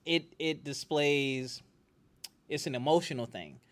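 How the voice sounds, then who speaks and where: Male podcast host, playful, animated, laughs a lot, somewhat high-pitched. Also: a little slow. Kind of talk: casual conversational interview.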